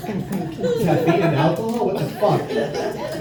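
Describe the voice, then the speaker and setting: A man's voice: sits high, expressive, measured pace, very echoey, crowd noise. A young adult man doing a brash, profane stand-up set in a bar, recorded live from a distance. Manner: brash, profane, self-mocking. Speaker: stand-up comedian. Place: bar comedy stage with live audience.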